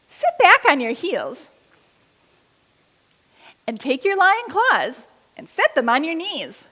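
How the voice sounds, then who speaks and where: A woman with a high, animated voice guides children through yoga poses, giving slow, encouraging step-by-step instructions. Her phrases carry a long hall reverb. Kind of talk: guided kids' yoga with story reading.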